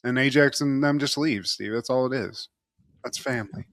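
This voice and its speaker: A man's voice: mid-range voice, moderate pace, a bit bright, no echo. Male podcast co-host, casual and jokey, medium voice, dry studio sound. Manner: laid-back, joking, swears casually. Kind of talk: casual chat.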